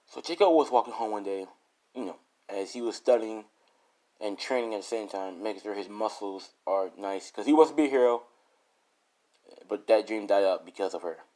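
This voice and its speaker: A man with a fairly low voice improvises a fan story out loud in a loose, casual way. He rambles, backtracks and corrects his own details as he goes. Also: normal speed.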